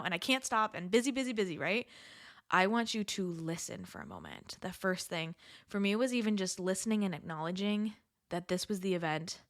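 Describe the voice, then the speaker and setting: A woman's voice: on the low side, no room sound, studio quality. A young adult woman hosting a solo podcast in a chatty, earnest way, laughing often and repeating words for emphasis. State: has the hiccups. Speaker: podcast host. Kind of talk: casual solo podcast talk.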